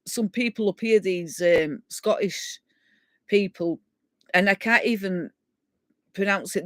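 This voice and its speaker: A woman's voice: mid-range voice, takes it slowly, long pauses, no room sound. A middle-aged woman with a Yorkshire accent, rambling and laughing in a casual chat with viewers as she hosts a live stream. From England. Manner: rambling and chatty, laughing as she reads out comments.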